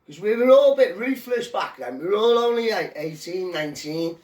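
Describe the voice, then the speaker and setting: High-voiced Welsh man, echoey room. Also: lively intonation, fairly quick, a little mellow, recorded from a distance. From Wales. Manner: rambling, slangy, loose repeated fillers. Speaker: vlogger telling prison stories. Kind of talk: casual storytelling. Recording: echoey room, away from the mic.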